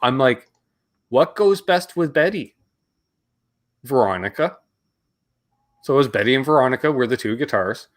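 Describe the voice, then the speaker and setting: A man's voice: mid-range voice, animated, moderate pace, long pauses. A middle-aged Canadian man co-hosting a live guitar stream, chatting casually and reading out viewer names.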